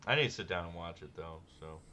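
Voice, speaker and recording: A man co-hosting a podcast in casual comedic chat, riffing sardonically on absurd dark jokes and laughing often. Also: low voice, animated, fast talker. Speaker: podcast co-host.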